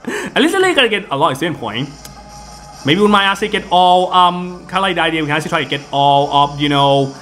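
A man's voice: a little high, big pitch swings, fairly quick, fairly bright tone. A man giving casual, rambling commentary over gameplay, full of fillers and restarts, with game music behind him. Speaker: gaming video host.

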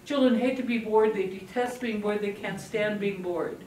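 A woman's voice: mid-range voice, moderate pace, recorded from a distance, a little hiss or hum. Older woman telling parenting stories, echoey. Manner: animated, acts out children's voices. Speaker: parenting speaker. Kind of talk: storytelling talk to an audience.

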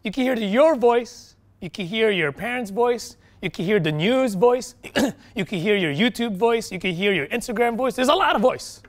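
A male pastor preaching a sermon, swinging from quiet, low stretches to loud, emphatic bursts, with frequent restarts. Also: lively intonation, normal speed.

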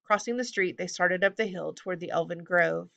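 Bright-voiced woman reading a children's book. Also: fairly low pitch, fairly quick, vocal fry, lo-fi sound. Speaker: reader. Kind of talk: children's audiobook narration.

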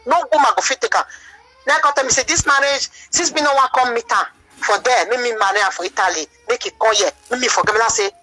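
A woman's voice: high-pitched, sharp tone, rough recording. A Nigerian woman giving a rambling, defensive personal account of her marriage dispute, often repeating herself. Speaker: wife telling her side of a marriage dispute.

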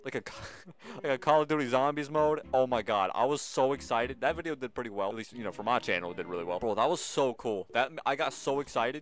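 A man's voice: medium pitch, fast. A man hosting a gaming channel, giving casual gameplay commentary and playfully bantering with the game's customers.

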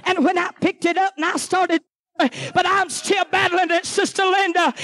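A middle-aged woman preaches at full cry, her very high voice ringing out in shouts. She punches phrases in a chanting rhythm and fires quick asides at the pews. The sound is close and dry, with almost no room echo. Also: fairly even intonation. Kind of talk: fiery Pentecostal sermon. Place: church sanctuary.

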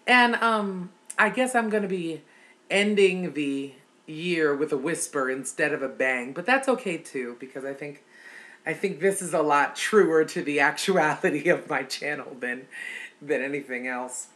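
A woman's voice: deep voice, unhurried, fairly bright tone. A middle-aged woman vlogging in a casual, heartfelt chat to her viewers, calling them y'all.

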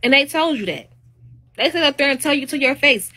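Hosting a live stream, a woman with a high voice talks at normal speed, pushed and bright. She delivers a casual, opinionated monologue, emphatic and preachy, with exclamations that rise.

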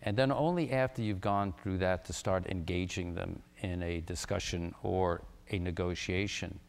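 Older man, moderator, deep voice, gravelly, formal, deliberate with many uhs. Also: long reverb tail. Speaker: moderator, former ambassador. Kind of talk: panel conversation.

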